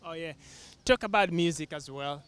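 A man hosting a television interview, speaking in a measured, formal way and giving station announcements. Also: fairly high pitch, fairly bright tone, clear, resonant tone. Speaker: television host. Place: television studio.

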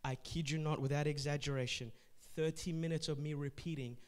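A man, a pastor, preaching a sermon and telling stories, moving between hushed passages and forceful, emphatic ones, repeating words for weight. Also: on the high side, steady tone, fairly quick.

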